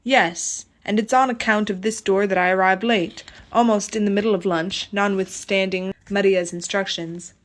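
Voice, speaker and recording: A woman reading the lines of a patient husband who gently coaxes his frightened wife. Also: medium pitch, moderate pace, hardly any pauses, close to an everyday voice. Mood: coaxing. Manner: steady, reassuring, coaxing.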